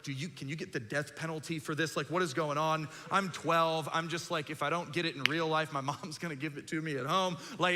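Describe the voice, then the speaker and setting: A man preaching a sermon, telling a self-deprecating story in an animated, joking way. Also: a little high. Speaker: pastor. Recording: long hall reverb.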